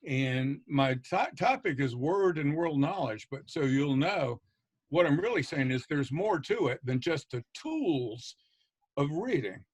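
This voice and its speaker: This is a man with a somewhat high voice making his case on an educators' panel. He is blunt and emphatic, with the odd swear word, and repeats key words for stress. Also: lively intonation, unhurried, husky. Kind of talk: passionate panel discussion.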